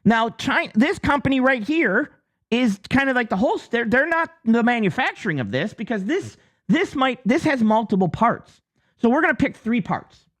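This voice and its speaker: A man's voice: very high voice, big pitch swings, normal speed, a bit bright. A man from the United States hosting his channel, casually explaining something with on-screen drawings, joking and checking in with "okay?" as he goes. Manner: joking, chatty, lots of restarts and "okay?" check-ins. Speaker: channel host.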